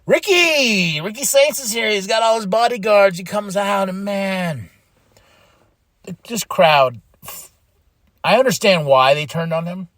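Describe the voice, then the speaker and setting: A man hosts a podcast and recaps wrestling in a casual, chatty way, full of fillers and restarts. He acts out what wrestlers said in big, exaggerated voices. His voice sits a bit high, and the sound is dry and close to the mic. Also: expressive, a little slow, pauses often, a bit bright, no room sound. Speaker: podcast host.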